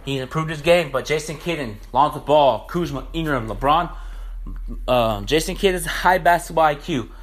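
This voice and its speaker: A man's voice: fairly high pitch, normal speed. Heated young man ranting on a podcast. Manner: heated, profane, repetitive. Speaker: podcast host. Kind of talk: ranting sports podcast monologue.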